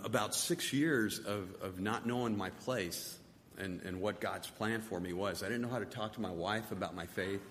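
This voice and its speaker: A middle-aged man giving a personal testimony, halting and soft-spoken, often repeating his words. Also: fairly low pitch. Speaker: testimony speaker. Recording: long hall reverb, faint noise.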